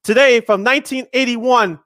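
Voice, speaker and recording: A man's voice: very high voice, normal speed, fairly bright tone, no echo, clean studio sound. A man in his thirties hosting a live sports radio show, chatty and jokey, reading out lists with emphasis. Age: 30s. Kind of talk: casual radio sports talk.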